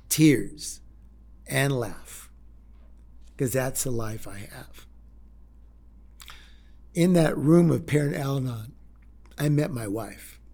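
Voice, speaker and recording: A man in his sixties sharing a heartfelt personal story in a halting way, with repeated words and restarts. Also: medium pitch, creaky, a little mellow. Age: 60s. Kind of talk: personal testimony talk.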